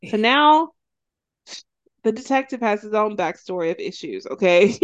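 A woman co-hosting a podcast, casually recapping a TV show and acting out the characters' lines in quick, animated storytelling. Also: mid-range voice, muffled recording. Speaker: podcast co-host.

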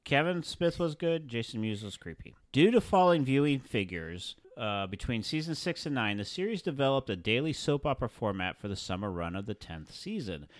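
A man's voice: medium pitch, big pitch swings, brisk, hardly any pauses, no echo. A man co-hosting a casual chat, reading out notes with dry joking asides. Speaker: podcast co-host.

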